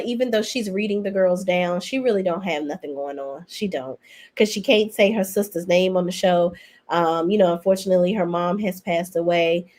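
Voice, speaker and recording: Woman podcaster, sassy and blunt, mid-pitched, slangy opinionated recap. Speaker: podcast host reviewing reality TV. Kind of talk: casual opinionated recap commentary.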